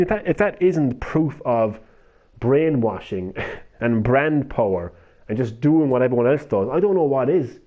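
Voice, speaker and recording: A man's voice: on the high side, dark tone, lo-fi sound. A young Irish man streaming games, rambling and ranting casually with lots of swearing. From Ireland. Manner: swears freely, rants, laughs. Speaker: gaming live streamer.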